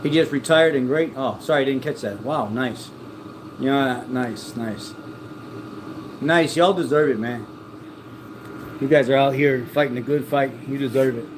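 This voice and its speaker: A man's voice: medium pitch, a little slow, pauses often, background noise. A man chatting casually and rambling from one joke to the next, laughing at his own stories. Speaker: vlogger. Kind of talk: casual chat.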